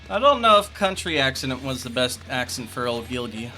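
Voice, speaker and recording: A man's voice: medium pitch, sing-song, a little fast, sharp tone, faint music behind. A man streaming a game, making casual, joking and profane asides. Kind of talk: casual gameplay commentary.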